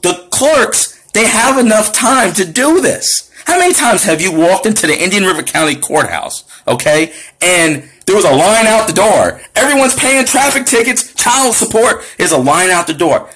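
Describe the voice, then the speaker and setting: A man's voice: high voice, very animated, normal speed, few pauses, a bit bright, husky. A man with a Florida accent in a casual, indignant monologue to camera, full of sarcastic asides. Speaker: activist vlogger.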